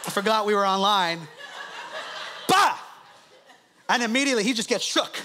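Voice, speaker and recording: A man, a pastor, preaching with animated, laughing storytelling. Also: high-pitched, fast talker, slight background noise. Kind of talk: sermon.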